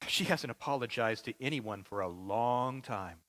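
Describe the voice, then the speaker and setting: A man's voice: medium pitch, moderate pace, fairly bright tone. A male pastor preaching a sermon with vivid, dramatic storytelling.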